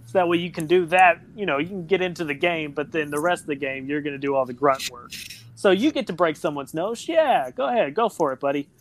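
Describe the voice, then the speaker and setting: Relaxed podcast co-host spinning scenarios. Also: medium pitch, fast. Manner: relaxed storytelling, acts out quoted lines. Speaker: guest co-host. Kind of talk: casual chat.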